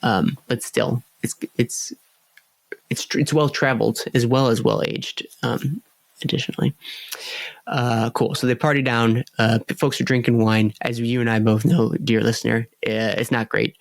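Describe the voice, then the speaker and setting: A man with a gravelly voice talks through the story in a relaxed podcast chat, the sound dry and close. He hesitates often, stopping and restarting his sentences as he hunts for names. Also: mid-range voice, dry recording. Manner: halting, searches for words, restarts. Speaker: podcast co-host. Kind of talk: casual lore chat.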